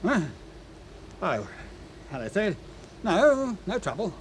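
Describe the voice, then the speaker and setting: An actor playing a defensive, resentful chief steward in a radio drama. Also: male voice, high-pitched, huge pitch swings, slow, slight background noise, heavily acted, rough recording. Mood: flustered. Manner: defensive and accusing. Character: nervous resentful male ship's chief steward. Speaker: ship's officer. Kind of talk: 1970s radio drama acting.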